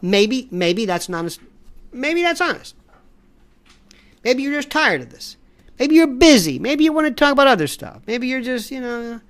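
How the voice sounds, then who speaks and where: Browsing online as he talks directly to the viewer, a man unleashes a passionate, fed-up political rant. His voice is high-pitched and a bit bright, and he keeps tripping over words and starting again.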